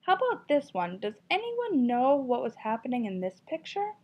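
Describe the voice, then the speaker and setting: Expressive woman teacher reading a story aloud. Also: sits high, moderate pace. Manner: expressive, encouraging questioning. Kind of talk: children's story reading and lesson. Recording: dull lo-fi recording.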